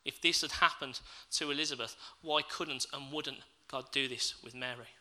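A man's voice: medium pitch, moderate pace, sharp tone, poor audio. A man preaching a sermon, reading scripture and then reflecting aloud and asking his listeners questions.

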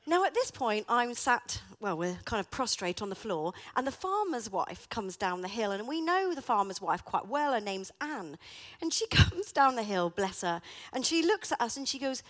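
A woman's voice: on the high side, big pitch swings, normal speed, a bit bright. A middle-aged woman telling a comic story with dramatic flair, then drawing a reflective lesson from it. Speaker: speaker. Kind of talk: animated storytelling with a reflective moral.

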